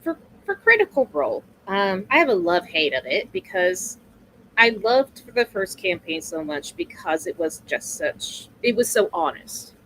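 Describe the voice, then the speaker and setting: A woman's voice: mid-range voice, big pitch swings, a little slow, fairly bright tone, a little hiss or hum, poor audio. A woman in her mid-thirties talking casually as an interview guest, rambling, laughing often and swearing freely. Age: 30s. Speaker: guest streamer.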